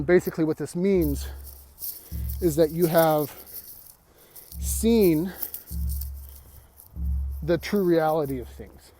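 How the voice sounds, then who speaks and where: Slow-talking man, a little winded. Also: on the high side, dark tone. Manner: halting, repeats and restarts words. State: slightly out of breath. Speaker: esoteric mystery school teacher. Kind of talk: rambling spoken lesson. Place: outdoors walking up a hill.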